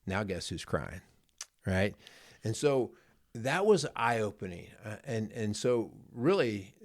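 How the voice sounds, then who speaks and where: On the podcast he co-hosts, a middle-aged marriage coach slowly tells a personal story in a very animated voice that sits on the low side. His casual telling is earnest and rambling with repeated words, and the studio-quality audio has no echo.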